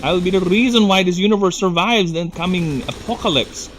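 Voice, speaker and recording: A man's voice: sits high, brisk, a bit bright, a little hiss or hum, voice pushed up. A Filipino man with a Filipino accent putting on the voice of a pompous, grandiose male hero who thinks he alone will save the universe. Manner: grandiose, declamatory. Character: pompous self-declared male savior of the universe.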